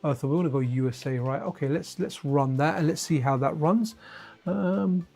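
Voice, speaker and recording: A man's voice: on the high side, normal speed, gravelly, darkish tone, faint music behind. A man chatting casually to his viewers on a live stream while playing retro games, wandering off into side stories and addressing chat by name.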